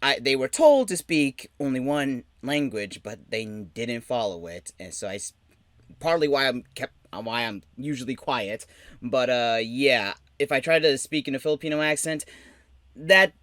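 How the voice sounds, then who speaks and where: A man with a bright, edgy tone talks in a soft, hesitant way, often trailing off mid-thought. His voice is dry and close, like a home mic on a call. The talk is loose and casual. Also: mid-range voice, lively intonation, normal speed, dry recording. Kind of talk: casual chat.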